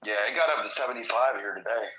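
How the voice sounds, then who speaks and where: A man from Georgia in the US holds a casual podcast chat and tells his stories bluntly, with plenty of swearing. His voice is bright and cutting, and his pitch sits right in the middle. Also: fast, poor audio. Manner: blunt, profane, animated storytelling.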